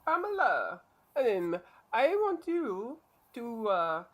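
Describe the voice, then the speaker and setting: A woman playing a male doctor with an Indian accent, giving slow, emphatic instructions in a high, loud put-on voice. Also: sing-song, full character voice. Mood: earnest instructing.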